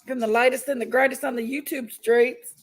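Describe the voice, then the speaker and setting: A woman's voice: sits high, fairly even intonation, a little fast, rough recording. A woman hosting a casual livestream, chatty and folksy, greeting viewers by name while feeling unwell with an upset stomach. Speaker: livestream host.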